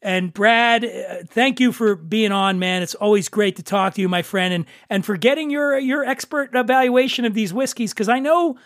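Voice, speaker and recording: A man's voice: high voice, moderate pace, few pauses, fairly bright tone, no echo, clean studio sound. A man hosting a podcast, teasing and joking with his guest. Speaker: podcast host. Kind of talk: casual chat.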